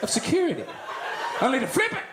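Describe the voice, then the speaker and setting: A man's voice: extremely high pitch, wildly swooping pitch, fast. An Australian man doing a stand-up comedy bit in a mock-earnest, laughing way. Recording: echoey room, loud noise.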